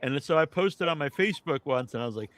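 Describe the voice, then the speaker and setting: A man's voice: a little high, animated, quick pace, fairly bright tone, no echo, rough recording. A man hosting a casual live podcast chat, rambling with lots of filler words. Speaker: podcast host. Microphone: video call.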